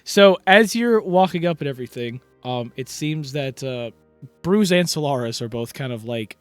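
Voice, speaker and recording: A man's voice: mid-range voice, expressive, moderate pace, clear, resonant tone, no echo, faint music behind. A man narrating as dungeon master in a rambling way, full of fillers. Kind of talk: narrating a tabletop game.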